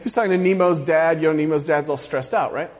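A man's voice: on the high side, fast talker, big-room sound. A man from the US West Coast preaching a sermon as pastor, joking and asking the congregation questions. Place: church sanctuary.

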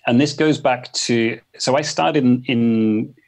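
A man's voice: medium pitch, takes it slowly. A man, a photographer guest talking thoughtfully in a casual interview, with frequent restarts. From England. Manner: thoughtful, hesitant, many restarts.

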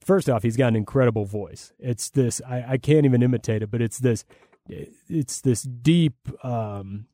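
A man's voice: mid-range voice, normal speed, warm tone, no room sound, studio quality. A man, a play-by-play broadcaster, answering interview questions in a rambling, enthusiastic way with many fillers and restarts.

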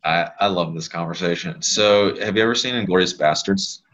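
A man, a physical therapist guest on a podcast, chatting casually and telling rambling, animated stories. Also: sits low, a little fast, dull audio.

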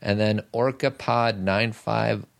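A man's voice: fairly low pitch, steady tone, slow, gravelly. A man co-hosting a podcast in casual chat, teasing and joking, a bit tired. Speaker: podcast co-host.

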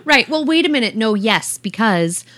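A woman's voice: on the high side, lively intonation, normal speed, a bit bright, no room sound. A chatty woman co-hosting a casual podcast, telling family stories with frequent giggles. The sound is dry and close, with no room around her voice. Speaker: podcast co-host. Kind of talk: casual chat.

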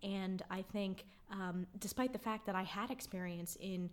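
A woman's voice: medium pitch, moderate pace. An American woman in her thirties, a member of Congress, answering interview questions in an earnest, reflective way with frequent ums and restarts. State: choked up. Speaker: congresswoman guest.

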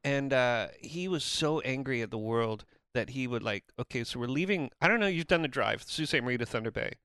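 A man telling road stories in casual chat, acting out shouted voices. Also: mid-range voice, brisk, clean tone, no room sound. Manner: animated storyteller, acts out shouting voices.

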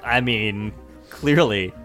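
A man's voice: fairly low pitch, slow, fairly bright tone, faint music behind. A man co-hosting a podcast, making dry, sarcastic remarks in casual banter. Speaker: podcast co-host.

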